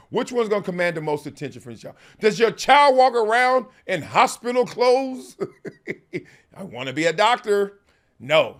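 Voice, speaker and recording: A man's voice: a little high, fairly bright tone. A middle-aged man hosting a talk show, talking emphatically in slangy speech, laughing often and mocking others in put-on quotes. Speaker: host. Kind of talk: animated talk-show monologue.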